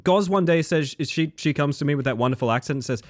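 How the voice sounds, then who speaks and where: A man's voice: medium pitch, fast, no room sound, clean studio sound. A young Australian man streaming live, rambling and joking with his chat and swearing freely.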